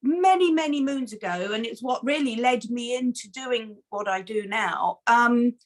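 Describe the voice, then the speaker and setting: A middle-aged woman, a foster carer and campaigner, answering interview questions in an earnest, animated way, with many restarts. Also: fairly high pitch, unhurried.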